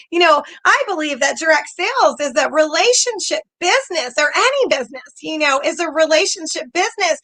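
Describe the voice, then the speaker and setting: A woman's voice: extremely high pitch, pushed and bright. A woman coaching a group on direct sales in a chatty, upbeat way, often acting out messages. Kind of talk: casual coaching talk to an online group.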